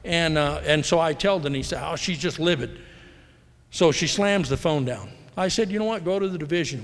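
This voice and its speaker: A man's voice: a little high, normal speed. A middle-aged man from the United States giving a candid, rambling personal talk at a recovery convention, acting out the voices of people he quotes. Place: large hall. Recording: live hall recording with long reverb.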